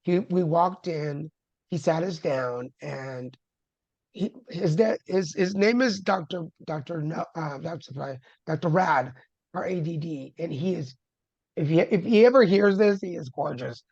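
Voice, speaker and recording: A man's voice: a little high, gravelly, a little mellow, slightly rough, no room sound. A man sharing his cancer story as a guest, candid and humorous, with dramatic retellings. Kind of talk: personal storytelling. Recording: dull lo-fi dry sound.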